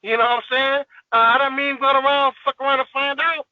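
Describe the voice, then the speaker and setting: A man's voice: extremely high pitch, flat delivery, brisk, dry recording, lo-fi sound. A man guest on a podcast, ranting in a heated, profane, emphatic way in casual talk.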